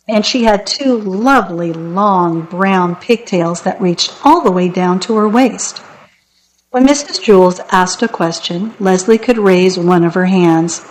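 A woman reading children's stories aloud as a volunteer radio storyteller, in a gentle, deliberate way. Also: mid-range voice, rough recording.

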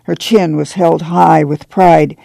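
Gravelly dark-voiced male narrator. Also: a little high, takes it slowly, no room sound, poor audio. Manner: even storytelling read. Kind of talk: audiobook narration.

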